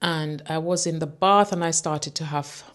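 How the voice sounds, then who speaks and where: A woman in her fifties talks casually in a lowish voice. She tells stories with warm emphasis and lifts her voice when excited. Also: normal speed. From Jamaica. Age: 50s. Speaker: mother answering questions. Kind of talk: casual chat.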